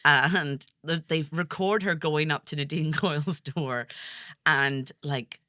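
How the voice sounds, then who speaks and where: A woman's voice: sits low, a little slow, sharp tone, no room sound, studio quality. A woman with a Belfast accent, a comedian guest telling stories in casual chat on a podcast. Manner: storytelling, laughs often.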